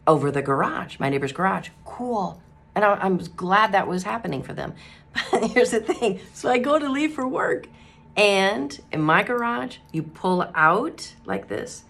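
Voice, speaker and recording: A woman's voice: on the low side, a bit bright. A middle-aged woman giving a casual devotional talk, telling a story in a chatty way with laughter and acted-out quotes. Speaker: Christian radio host and ministry speaker.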